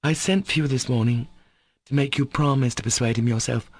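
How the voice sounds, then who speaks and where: A man putting on a defiant young woman with a raised, husky voice that climbs high and trembles as she stammers through her refusals. An audiobook reading with a gravelly edge under her voice, recorded close and dry. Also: expressive, moderate pace, darkish tone, no echo, full character voice. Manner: faltering, stammering. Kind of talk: audiobook character voice.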